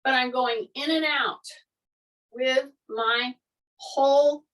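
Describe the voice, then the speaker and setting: A woman's voice: high voice, steady tone, slow, fairly bright tone, far from the mic, poor audio. A middle-aged woman teaching an online fitness class, chatty, laughing often, and speaking in an elevated teaching voice. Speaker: fitness instructor. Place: fitness studio. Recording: voice from away from the mic.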